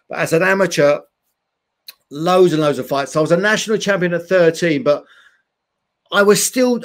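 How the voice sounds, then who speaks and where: A man, a former boxer, earnestly telling his life story in an interview. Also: high voice. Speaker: guest, former boxing champion.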